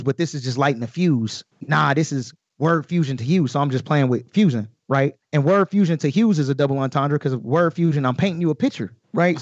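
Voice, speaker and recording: A man talking casually as a podcast guest, explaining his own rap lyrics in an animated way with many fillers. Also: medium pitch, no room sound, muffled recording. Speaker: guest recording artist.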